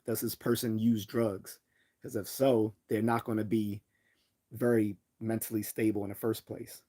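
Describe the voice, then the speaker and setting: A man's voice: lowish voice, level tone, moderate pace, mellow. A man from the Northeastern US with a General American accent, talking casually on a livestream, hesitant with many restarts and fillers but blunt in his opinions. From Northeastern United States. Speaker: livestream host.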